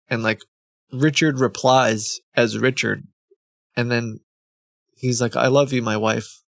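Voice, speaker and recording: A man's voice: medium pitch, fairly bright tone, dry recording. A man streaming live, reading scam emails aloud with amused, chuckling, rambling asides. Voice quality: creaky.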